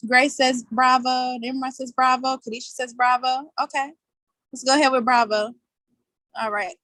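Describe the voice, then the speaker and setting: A woman's voice: sits high, steady tone, normal speed, bright, forceful tone, no room sound. A woman hosting a casual live online quiz, chatty and playful, laughing often and speaking in loose colloquial slang, talking over a video call from outdoors. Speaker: session host running a quiz.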